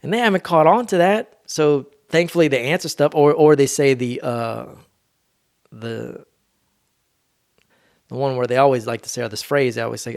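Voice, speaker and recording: A man's voice: medium pitch, normal speed, gravelly, long pauses, darkish tone. A man hosting a solo podcast, talking in a rambling, laid-back, slangy way. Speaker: podcast host. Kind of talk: casual solo monologue.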